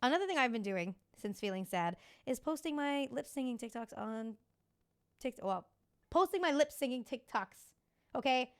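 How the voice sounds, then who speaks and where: A woman's voice: fairly high pitch, expressive, normal speed, clear, resonant tone. A woman in her thirties hosting a podcast, talking casually, candid and confiding, with the odd swear word. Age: 30s. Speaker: podcast host. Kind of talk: casual chat.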